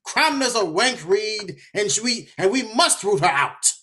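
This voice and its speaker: A man playing a bright, spiteful schemer. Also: high-pitched, animated, a little slow, full character voice. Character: scheming bishop, spiteful and bitter. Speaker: stage actor. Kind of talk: Shakespearean stage acting.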